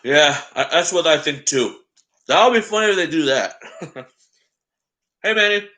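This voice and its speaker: Bright-voiced young man chatting to stream. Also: a little high, animated, normal speed. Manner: talks to chat, greets viewers by name. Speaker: live-stream host reacting to election coverage. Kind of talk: casual live-stream chat.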